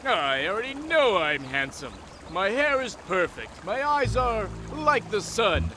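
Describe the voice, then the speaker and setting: A man's voice: sits high, big pitch swings, unhurried, background noise. A man voicing an arrogant, vain male cartoon lion with a haughty, sneering manner.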